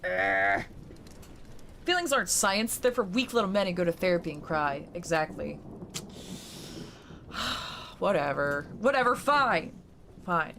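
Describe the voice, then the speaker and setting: A woman streamer reading aloud and chatting on a live stream, excitable and incredulous, with casual swearing. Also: on the low side, unhurried, pauses often, slight background noise.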